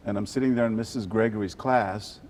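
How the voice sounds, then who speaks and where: An older man from South Texas, an animated storyteller who drops Spanish phrases into his answers during an interview. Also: on the low side, brisk, slight background noise. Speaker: journalist guest.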